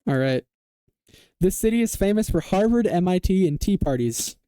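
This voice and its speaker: Man hosting an online quiz, slightly high voice, mellow tone, dry sound, upbeat, laughs a lot. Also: expressive, clear, resonant tone, no room sound. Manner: upbeat, laughs often, quick "yes, sir" confirmations. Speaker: quiz show host. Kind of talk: casual online quiz hosting, reading clues.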